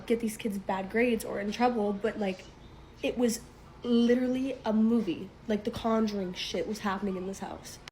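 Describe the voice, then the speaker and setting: A woman's voice: mid-range voice, a little hiss or hum, low-quality recording. Chatty young woman telling a scary story. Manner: chatty, filler-heavy, laughs nervously, swears. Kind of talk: casual storytime.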